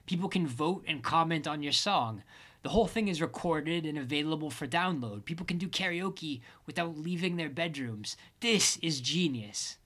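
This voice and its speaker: A man's voice: on the high side, fairly bright tone, voice pushed up. A man voicing an angry, exasperated young woman with a glass eye in an audiobook reading. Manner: exasperated and combative.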